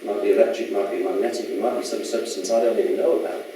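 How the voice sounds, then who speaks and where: A man speaks in a dark, mellow voice. He gives a loose, chatty lecture and keeps asking his listeners questions. The sound comes from far off in a very echoey hall with faint noise. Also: lowish voice, fairly even intonation, rapid-fire. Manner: rambling, chatty, asks the audience questions. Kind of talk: casual public talk. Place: lecture room.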